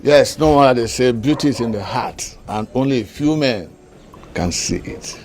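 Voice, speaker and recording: An actor with a Nigerian accent playing a pleased middle-aged uncle blessing a suitor. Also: male voice, mid-range voice, expressive, normal speed, noisy background, natural voice. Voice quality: expansive, approving. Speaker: uncle of the bride.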